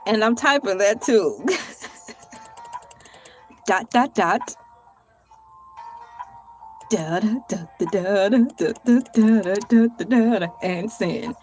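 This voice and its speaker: Slow, playful woman vlogger. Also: mid-range voice, animated, faint music behind. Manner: playful, theatrical asides and frequent laughter; colloquial, addresses viewers as y'all. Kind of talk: casual solo vlog, reading aloud and joking.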